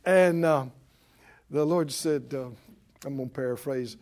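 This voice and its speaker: A man's voice: a little high, measured pace, pauses often, darkish tone. A man preaching a sermon as pastor, emphatic, repeating phrases and drawing call-and-response from the congregation.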